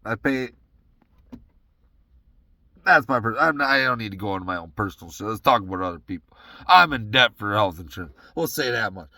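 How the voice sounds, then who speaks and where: A young man with a Southern accent and a tired, sore, raspy voice, hosting a casual solo rant in a truck, profane and heated. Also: lowish voice, animated, a little fast, long pauses, bright, forceful tone, dry recording. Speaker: podcast host. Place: inside a parked truck.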